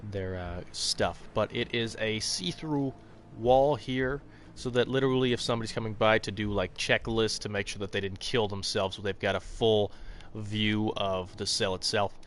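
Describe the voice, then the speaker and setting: A man's voice: fairly low pitch, normal speed, hardly any pauses, a bit bright, a little hiss or hum. A man casually commenting on a live game stream, rambling with fillers, chatting with viewers by name and swearing now and then. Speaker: gaming streamer.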